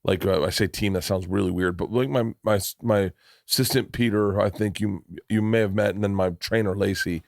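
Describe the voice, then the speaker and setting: A man's voice: fairly low pitch, fairly even intonation, brisk, vocal fry, a little mellow, dry recording, clean studio sound. A middle-aged man hosting a podcast, telling stories in a rambling, restart-filled way with plenty of swearing. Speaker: podcast host. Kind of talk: casual chat.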